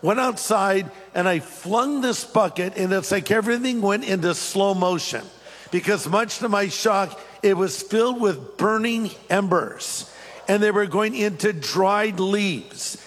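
High-voiced pastor in a reverberant hall. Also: male voice. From California. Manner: animated storytelling, reads scripture slowly. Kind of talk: sermon with personal story.

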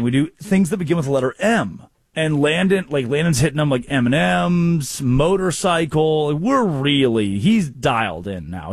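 A man hosting a casual comedic chat show, telling stories with lively voiced quotes. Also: on the high side, husky, dry recording. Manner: animated storytelling, voices quotes. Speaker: show host.

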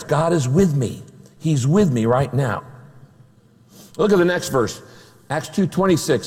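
A man's voice: fairly high pitch, darkish tone. A pastor preaching a sermon, emphatic and wry, firing off rhetorical questions at his listeners. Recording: long reverb of a large hall.

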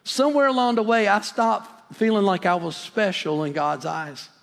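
A man's voice: high voice, fairly even intonation, normal speed, vocal fry. A man in his fifties, a pastor, preaching a sermon as earnest storytelling with emphatic repetition. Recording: long hall reverb.

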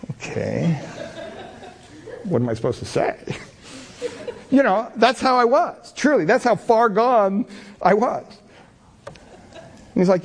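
A man's voice: high voice, big pitch swings, slow pace, vocal fry, long pauses, breathy edge. A middle-aged man preaching a sermon, telling candid, self-deprecating stories about himself with many casual fillers. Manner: chatty, many fillers like "you know". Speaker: pastor.

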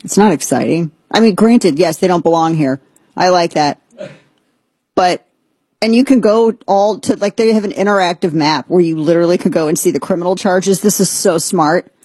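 Brief: woman host, husky and animated, sarcastic commentary, dry close mic. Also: fairly low pitch, normal speed, no room sound. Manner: animated, sarcastic, often putting on an excited squeal. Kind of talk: casual political commentary.

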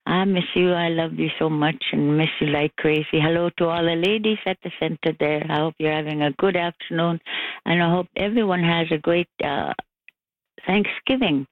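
A woman's voice: sits low, moderate pace. An older woman phoning in to a radio show, sending emotional, rambling greetings to her family. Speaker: caller. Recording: tinny phone line.

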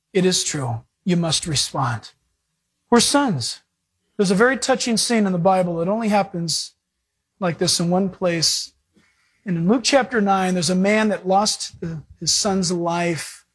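A man preaching a sermon, animated, with sudden swings in pitch and pace. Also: slightly rough.

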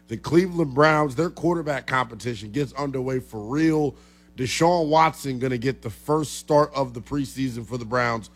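A young man hosting a sports talk radio show, chatty and joking with callers. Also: medium pitch. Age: young adult.

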